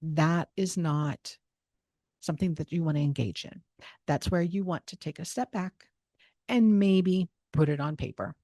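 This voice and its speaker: A woman hosting a self-help talk, giving steady, instructive advice and repeating phrases for emphasis. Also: low-pitched, measured pace, no echo, clean studio sound. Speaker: host.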